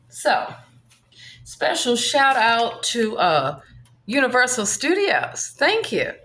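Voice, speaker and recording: Brash woman vlogger, high and lively voice, roomy echo. Profane, swaggering monologue. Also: slow. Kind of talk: rambling monologue vlog.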